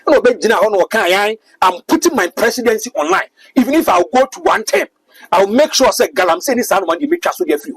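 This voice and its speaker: A man's voice: extremely high pitch, sing-song, quick pace, creaky, fairly bright tone, slightly rough, no room sound, poor audio. A Ghanaian man giving emphatic, preachy political commentary as a talk-show guest, switching between English and Twi.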